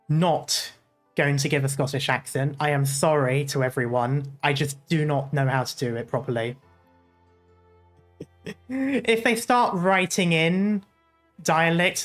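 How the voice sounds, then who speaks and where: A VTuber from Essex, England, reads a story game's dialogue aloud and breaks off to chat with viewers. The voice sits in the middle of the pitch range and laughs easily between lines. Soft music plays underneath. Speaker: VTuber streamer. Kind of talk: casual gameplay commentary and dialogue reading.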